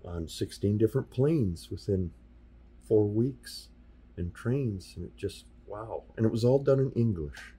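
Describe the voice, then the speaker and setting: Man in his 60s, very husky and mellow, chatty studio interview guest who mimics the people he quotes. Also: on the low side, animated, measured pace. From US Midwest. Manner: anecdotal, acts out quoted dialogue in passing. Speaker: sign painter and workshop teacher, podcast guest. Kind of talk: casual interview storytelling. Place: podcast studio.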